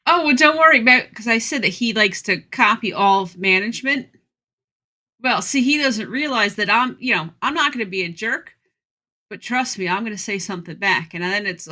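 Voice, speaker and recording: A woman's voice: medium pitch, moderate pace. A woman co-hosting a casual talk show, telling stories and acting out the reactions of the people in them. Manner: animated, acts out quoted reactions. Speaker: co-host. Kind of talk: casual chat.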